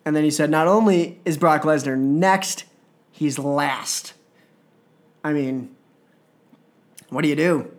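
A man with a somewhat high-pitched voice hosts a casual podcast. He rambles eagerly, piling on side comments and restarting his sentences as he goes. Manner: excited, rambling fan talk with asides. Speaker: wrestling podcast host.

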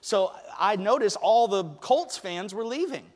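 A man's voice: sits high, lively intonation, measured pace, a little mellow. A male pastor preaching a sermon in a church, telling a chatty personal story that builds into emphatic preaching. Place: church sanctuary. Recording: long hall reverb.

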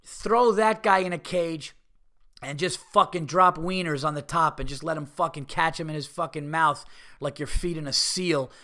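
A man's voice: a little high, normal speed, pushed and bright. A man hosting a podcast, delivering a comedic rant with profane, fired-up energy. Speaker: podcast host.

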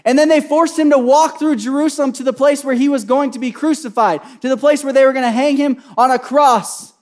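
High-voiced animated male preacher. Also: fairly quick. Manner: animated storytelling, swings between loud and soft. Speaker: pastor. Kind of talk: sermon.

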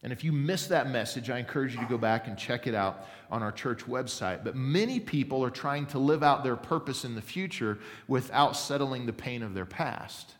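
Male pastor, sermon, earnest, medium pitch, long hall reverb. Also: moderate pace, hardly any pauses. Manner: earnest, storytelling with rising emphasis.

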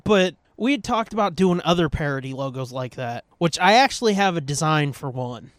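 High, lively-voiced profane man. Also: fairly quick, no echo, studio quality. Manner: profane, joking, puts on voices. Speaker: podcast co-host. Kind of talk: crude casual banter.

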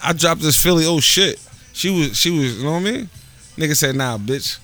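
A man from Staten Island, co-hosting a podcast and telling rapid, profane stories in casual banter. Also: on the high side, soft background music. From Staten Island, New York. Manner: rapid, profane, animated storytelling. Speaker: podcast co-host.

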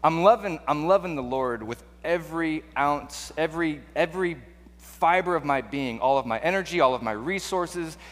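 A man's voice: on the high side, animated, moderate pace, a bit bright. A man voicing a smug, self-righteous male religious scholar who boasts of his own devotion. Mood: boastful. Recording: long hall reverb.

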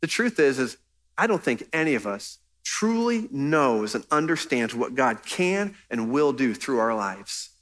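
A man's voice: medium pitch, big pitch swings, a little slow, a bit bright. A man preaching a sermon as pastor, earnest and conversational, pressing his points with emphasis.

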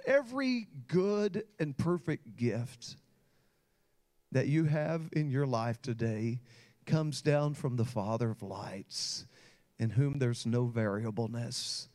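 A man's voice: mid-range voice, takes it slowly, darkish tone. Man preaching a heartfelt sermon. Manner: storytelling with rising emotional intensity. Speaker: pastor.

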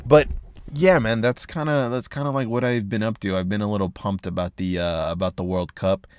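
A young man rambles through his solo podcast with a low voice, swearing freely and switching topics on a whim. His delivery is loose, slangy and animated, and the recording sounds close and dry. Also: a little fast, clear, resonant tone, no echo. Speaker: podcast host.

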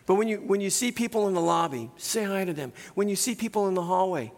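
A middle-aged male pastor preaching in a church, in a relaxed conversational way, often tagging "right?" onto his points. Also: sits high, fast, in a large hall. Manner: conversational, keeps adding "right?". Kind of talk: sermon. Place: church sanctuary.

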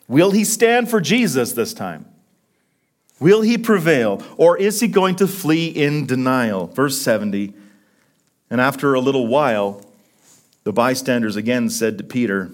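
A man preaching a sermon, swinging from loud emphatic peaks down to hushed, low lines. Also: big pitch swings, measured pace. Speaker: pastor.

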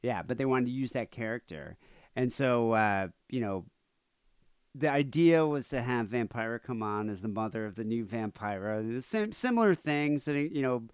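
A male podcast co-host in a loose, wandering chat. He stops and restarts often and fills the gaps with "uh" and "you know". His voice sits at a middling pitch and is recorded very dry and close. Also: lively intonation, normal speed, smooth, no echo. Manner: rambling, heavy with "uh" and "you know". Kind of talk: casual storytelling chat.

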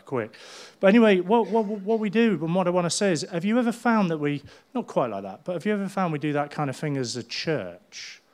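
Brief: middle-aged male pastor, conversational sermon, funny anecdotes. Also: a little high. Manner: chatty storytelling with humour.

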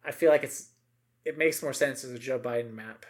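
A man's voice: mid-range voice, fairly quick. A middle-aged man co-hosting a podcast, chatting casually and emphatically about politics, with many asides and tag questions.

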